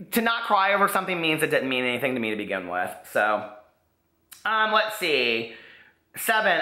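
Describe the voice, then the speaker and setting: Casting: chatty American book vlogger, male, bright voice a bit high, echoey room. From United States. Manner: chatty, animated, self-deprecating. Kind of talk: casual chat.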